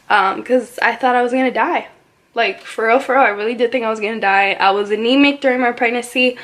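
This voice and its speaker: A young woman vlogger casually telling a story, animated and chatty, full of "like" fillers. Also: on the high side, fairly quick, slight background noise.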